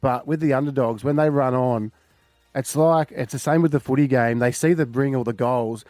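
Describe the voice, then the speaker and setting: A man's voice: medium pitch, normal speed, a little mellow, no room sound, faint music behind. A man co-hosting breakfast radio, telling stories in a laid-back, teasing way. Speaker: radio host.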